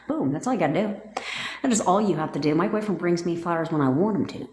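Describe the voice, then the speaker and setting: A woman's voice: lowish voice, lively intonation, fast, a little mellow, roomy sound, a little hiss or hum. Blunt, profane woman coach. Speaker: manifestation coach. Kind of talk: casual livestream talk.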